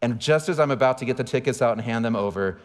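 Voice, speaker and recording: Male pastor, 40s, candid self-mocking sermon storyteller, mid-pitched voice, long hall echo. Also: quick pace. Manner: candid, self-deprecating storytelling with asides to the crowd. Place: large church auditorium.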